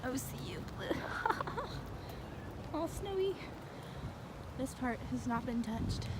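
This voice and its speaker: A woman in her twenties, vlogging in a chatty, giggly and excitable way on a handheld phone camera. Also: sits high, slow. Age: 20s. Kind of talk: casual vlog. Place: outdoors in snow and indoors in a college town. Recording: noisy phone recording.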